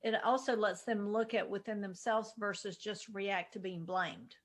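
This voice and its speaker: A woman co-host in relaxed conversation. She nods along with steady "right"s, then puts her own thoughts in a measured, reflective way. Her voice is at a middling pitch. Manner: affirming listener, says "right" often. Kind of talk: casual spiritual chat.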